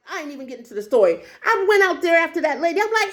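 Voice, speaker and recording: A woman telling a story to her viewers in a chatty, animated way, exclaiming as she goes. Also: very high voice, fast talker, few pauses. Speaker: vlogger. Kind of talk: storytelling to camera.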